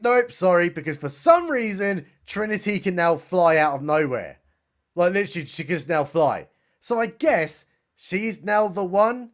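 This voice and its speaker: A man's voice: high-pitched, fairly bright tone. Sarcastic man recapping a film. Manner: sarcastic, mocking, exaggerated. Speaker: film reviewer.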